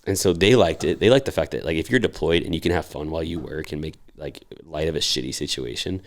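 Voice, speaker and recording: A man's voice: extremely low pitch, fast talker. A young man in his twenties telling casual, profane stories and acting out the voices of the people in them. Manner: profane, acts out quoted voices animatedly. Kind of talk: casual storytelling.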